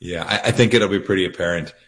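A man giving firm, measured political commentary as a guest, often repeating words as he starts a sentence. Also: low-pitched. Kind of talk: political interview by phone or video link.

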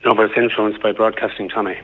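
A man's voice: lowish voice, little pitch movement, fast, breathy edge. A man with an Irish accent calling into a radio show, earnest and hesitant, with many fillers. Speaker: caller. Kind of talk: phone-in call. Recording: tinny phone line.

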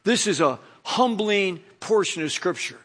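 A man's voice: high-pitched, expressive, measured pace, fairly bright tone. A middle-aged man, a pastor, preaching a conversational sermon full of stories and fillers. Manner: conversational, storytelling, many fillers.

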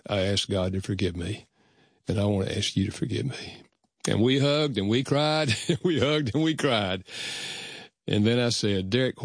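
Low-voiced older man telling stories earnestly. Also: husky, no echo, studio quality. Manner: earnest, measured, acts out remembered dialogue. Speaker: guest author. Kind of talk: reflective storytelling in conversation.

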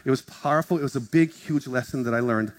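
A man's voice: medium pitch, fast. A man, a pastor, preaching a sermon and telling a story, acting out each person's voice. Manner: animated, acts out conversations in shifting voices.

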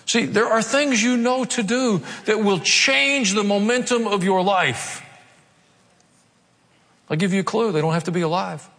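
A pastor preaching a sermon, emphatic and conversational, repeating key phrases. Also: male voice, high-pitched, unhurried, fairly bright tone. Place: large church hall. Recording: long hall reverb.

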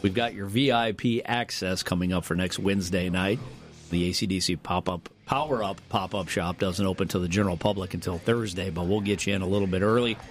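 A man co-hosting a morning radio show, chatting casually and telling jokey, animated stories. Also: low voice, fairly quick.

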